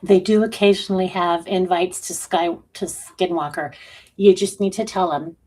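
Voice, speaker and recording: A woman's voice: fairly low pitch, fairly even intonation, moderate pace, darkish tone. A woman co-hosting a live stream, joking loosely and answering viewer questions about spiritual signs. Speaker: co-host and intuitive reader. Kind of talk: casual live-stream chat.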